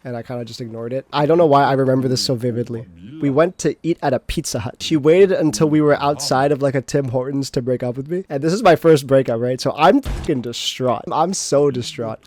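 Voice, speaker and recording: A man's voice: mid-range voice, a little mellow, no room sound. A young adult man streaming, telling a personal story in a rambling, self-mocking way with frequent restarts and swearing.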